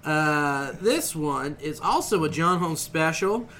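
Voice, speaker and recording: A man's voice: fairly high pitch, expressive, slow, sharp tone. A man co-hosting a comedy podcast, delivering dry joking roasts. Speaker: podcast co-host. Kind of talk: casual comedy chat.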